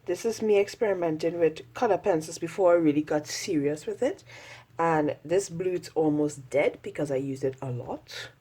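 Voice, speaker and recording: Woman, casual vlog narration, husky voice, rambling, self-deprecating. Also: deep voice, normal speed, warm tone. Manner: chatty, rambling, self-mocking with frequent laughs. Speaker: artist vlogger. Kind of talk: casual sketchbook tour narration.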